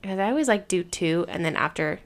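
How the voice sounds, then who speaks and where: A woman's voice: on the low side, expressive, fairly quick. A woman co-hosting a podcast, chatting casually and laughing, filling her talk with "like". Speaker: podcast co-host; teacher. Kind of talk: casual chat.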